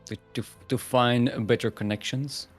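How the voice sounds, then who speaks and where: A man casting a live strategy game, jokey and punny, often pausing with "uh". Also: medium pitch, steady tone, faint music behind. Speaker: esports caster.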